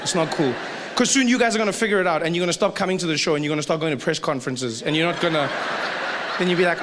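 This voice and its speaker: A man doing a stand-up comedy set, animated and joking, slipping into quick put-on voices. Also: a little high. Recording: live hall recording with audience noise.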